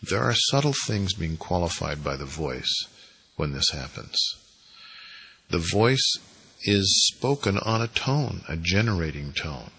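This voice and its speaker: A man with a husky voice giving an emphatic, deliberately inflected spiritual lecture on priesthood. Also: low-pitched, sharp tone, rough recording. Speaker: spiritual teacher.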